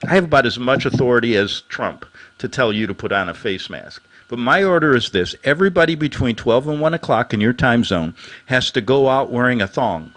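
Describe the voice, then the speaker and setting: Animated ranting man host. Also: medium pitch. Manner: animated, sarcastic, quick swings between shouting and muttering. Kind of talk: ranting talk show monologue.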